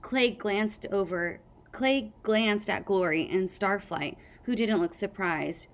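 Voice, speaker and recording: A woman reads a fantasy novel aloud in a steady storytelling voice. Her pitch sits in the middle for a woman, and she carries the narration between the characters' lines. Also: slow pace, few pauses. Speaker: audiobook reader.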